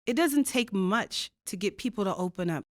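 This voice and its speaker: This podcast guest, a diversity co-chair on the faculty, speaks in a medium-pitched voice with lively intonation and a moderate pace. She recounts stories earnestly and emphatically, posing rhetorical questions, in a dry, clean studio recording.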